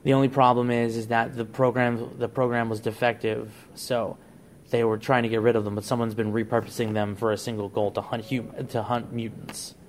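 A man's voice: flat delivery, brisk, a little hiss or hum. A man hosting a casual podcast, eagerly laying out story ideas step by step. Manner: enthusiastic storyteller, pitching plot ideas. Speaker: podcast host.

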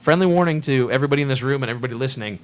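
A man hosts a casual movie chat with a mid-pitched voice. He rants bluntly about films and swears freely. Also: very fast, clean tone. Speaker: podcast host.

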